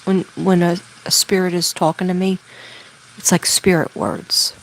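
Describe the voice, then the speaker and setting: A woman doing a spirit reading as a medium, talking haltingly and relaying messages with many fillers. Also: fairly low pitch, little pitch movement, creaky, a little hiss or hum, poor audio. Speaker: psychic medium.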